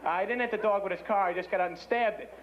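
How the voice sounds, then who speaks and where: A young man doing a stand-up set in a comedy club, rambling and self-mocking in an excitable way. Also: sits high, rapid-fire, heavy background noise. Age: young adult. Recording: muffled old TV tape, loud crowd. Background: loud audience laughter.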